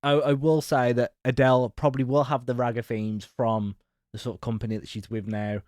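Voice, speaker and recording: A chatty man at a middle pitch hedges as he talks through tracks, piling on fillers and qualifiers. His voice sits dry and close on the podcast mic. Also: flat delivery, fairly quick, a little mellow, no room sound. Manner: chatty, hedging with many likes and maybes. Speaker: podcast co-host. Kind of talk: casual album review chat.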